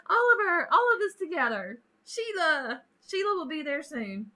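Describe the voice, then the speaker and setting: A woman's voice: very high voice, very animated, measured pace, pushed and bright. A woman hosting a casual live stream, chatting with viewers, greeting them by name and laughing often.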